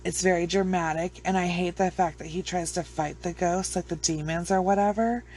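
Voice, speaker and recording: A woman's voice: fairly low pitch, steady tone, normal speed, darkish tone. A woman with children chatting casually to her viewers, rambling, blunt and swearing freely. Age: adult with children. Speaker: true crime vlogger. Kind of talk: casual chat to camera.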